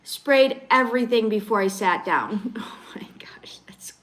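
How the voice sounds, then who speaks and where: A high-pitched woman chatting on a casual live stream from her rural home. She talks in an easy, rambling way and breaks into laughter often as she reacts to viewers' comments. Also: animated, a little slow, fairly bright tone. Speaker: livestream host. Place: home in rural western Mexico.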